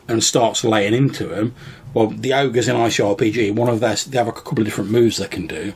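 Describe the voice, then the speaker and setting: A man's voice: fairly low pitch, moderate pace, gravelly, slightly rough. A man, a podcast co-host and game master, casually retelling a tabletop game session in a rambling way full of fillers and restarts. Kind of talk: casual storytelling chat.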